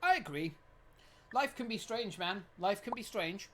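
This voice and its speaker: A streamer in their twenties, giving lively gameplay commentary, reading game text aloud and swearing often. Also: mid-range voice, normal speed, slight background noise. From United Kingdom. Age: 20s.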